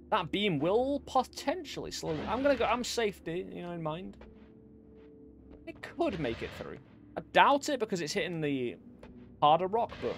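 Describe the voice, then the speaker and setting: A man's voice: high-pitched, a little hiss or hum. A young English man rambling and joking at himself while chatting through a game stream. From England. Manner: rambling, self-deprecating, jokey. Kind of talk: casual gameplay chat.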